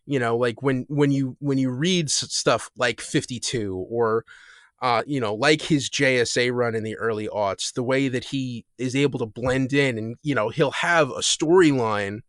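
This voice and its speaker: A man's voice: medium pitch, normal speed, a bit bright, no room sound, clean studio sound. Rambling, enthusiastic male podcast co-host. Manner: enthusiastic, rambling with many fillers and restarts. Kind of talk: casual chat.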